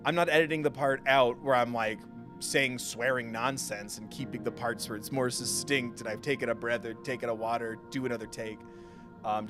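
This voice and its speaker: A male gaming streamer chatting casually during a live stream, venting with frustration and frequent swearing. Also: mid-range voice. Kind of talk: casual live gameplay chat. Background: game music.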